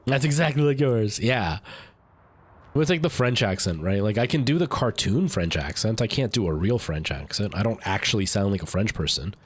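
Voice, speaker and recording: A man's voice: lowish voice, lively intonation, moderate pace, slightly rough. A man streaming a game live, chatting casually with viewers in a rambling, talkative way. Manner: rambling, chatty, answering chat.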